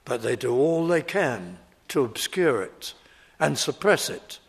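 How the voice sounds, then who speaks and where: A man's voice: mid-range voice, big pitch swings, a little slow, husky. A man preaching an expository sermon, emphatic and driving his points home by repeating key phrases.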